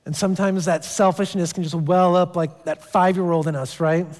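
A man's voice: sits high, steady tone, moderate pace, darkish tone. A man in his thirties, a pastor giving a sermon in a church, telling stories casually and often restarting his phrases. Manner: casual storytelling with repeated restarts. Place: church sanctuary. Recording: long church hall reverb.

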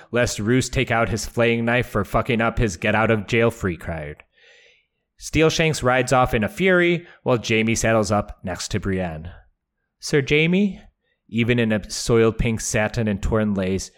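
A man hosting a podcast, recapping a book chapter with wry, profane asides and dramatic readings. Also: lowish voice. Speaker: podcast host.

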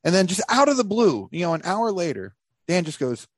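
Animated man telling a story on a podcast. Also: fairly quick, no echo. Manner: animated, acts out quoted voices in a high pitch. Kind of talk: casual storytelling chat.

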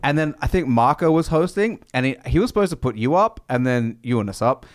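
A man's voice: mid-range voice, lively intonation, fairly quick. A man, a comedian hosting a podcast, telling a self-deprecating story in casual chat and laughing often.

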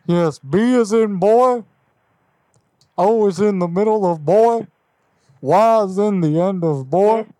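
A man's voice: high voice, takes it slowly, pauses often, dark tone, no echo. A man putting on a folksy middle-aged Texan cartoon dad during a prank call, drawling and repeating his catchphrase. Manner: drawling, folksy, repeats "I tell you what".

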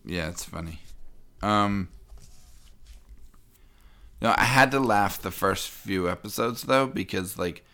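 A man's voice: fairly low pitch, takes it slowly, pauses often, bright, forceful tone. A man co-hosting a podcast, talking in a rambling, self-interrupting way and laughing often. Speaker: podcast co-host. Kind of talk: casual chat.

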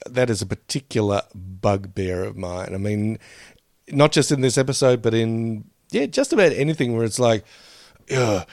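In a dry, studio-quality recording, a male podcast co-host with a lowish, darkish voice and lively intonation chats at a moderate pace about a cartoon episode. His take is wry, sweary, and opinionated.

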